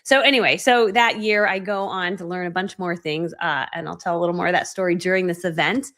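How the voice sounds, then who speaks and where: A woman's voice: fairly low pitch, fairly even intonation, a little fast, a bit bright. A woman in her forties presenting a motivational training talk as an online course coach, chatty and self-deprecating, acting out her own past reactions. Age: 40s. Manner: self-deprecating, chatty, many fillers like "right?".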